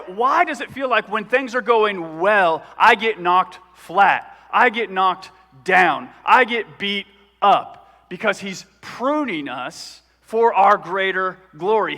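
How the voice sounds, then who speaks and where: Preacher, male, high and bright voice, chatty delivery that quizzes the congregation. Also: in a large hall. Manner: conversational, asks the congregation questions. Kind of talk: sermon. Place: church sanctuary.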